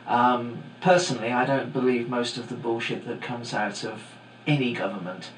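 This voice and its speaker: A middle-aged man, a podcast host who also teaches, rambles through a casual, digressive monologue packed with fillers. His mid-range voice is steady at a moderate pace, recorded on a home microphone in an echoey room with a faint hum.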